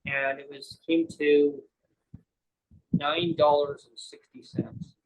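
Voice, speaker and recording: A man's voice: a little high, little pitch movement, slow, muffled recording. A man, a podcast guest telling a rambling story full of fillers and acted-out quotes. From Canada. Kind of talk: casual storytelling chat.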